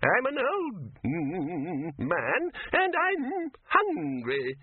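A man voicing a hungry, lecherous old wizard, whining and cackling in a cracked, wheezy falsetto. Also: huge pitch swings, drawn-out words, breathy edge, dry recording, phone-quality sound, full character voice. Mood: whiny.

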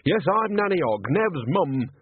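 A man's voice: on the high side, big pitch swings, unhurried, background noise, voice pushed up. A man doing a blunt, earthy old witch. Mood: grumbling. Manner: blunt, muttering, flustered. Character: older village witch, earthy and shrewd. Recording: tinny phone-like, dry.

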